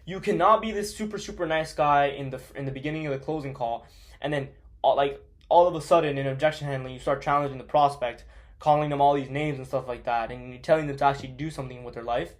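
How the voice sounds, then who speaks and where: A man's voice: medium pitch, fast. A young man coaching on sales in a blunt, profane, casual monologue, full of fillers.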